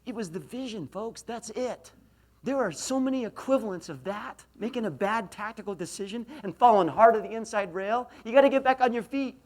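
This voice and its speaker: A man in his forties giving a university lecture, telling a story with animated delivery and loud emphatic peaks. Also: sits high, a little fast. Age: 40s. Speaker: motivational speaker. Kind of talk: lecture to an audience.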